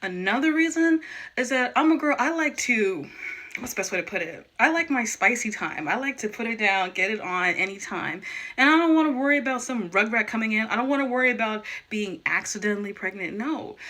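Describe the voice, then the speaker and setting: A young woman speaks frankly to her camera in a personal vlog, her voice bright and forceful at a middling pitch. She talks emphatically, tripping over repeated words as she gets worked up. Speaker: vlogger. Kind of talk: candid personal vlog rant.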